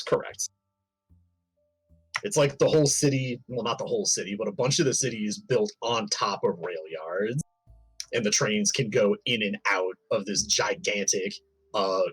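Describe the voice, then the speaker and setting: A man running a tabletop game as game master, narrating in a lively, playful way. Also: lowish voice, normal speed, breathy edge, soft background music, low-quality recording.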